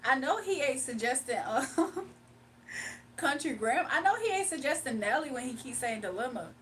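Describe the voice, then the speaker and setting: A young woman with a high voice talks casually to her stream viewers, laughing a lot and now and then singing a few lines. She sits a little back from the mic, and faint background noise runs under her voice. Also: big pitch swings, normal speed, a bit bright. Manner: chatty, laughing, breaks into song. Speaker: live streamer. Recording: slightly distant mic with faint room noise.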